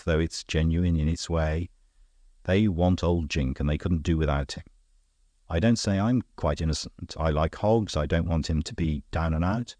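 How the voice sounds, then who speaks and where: A man reading a cool, worldly gentleman sleuth. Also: low voice, no echo. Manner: calm, dry, knowing.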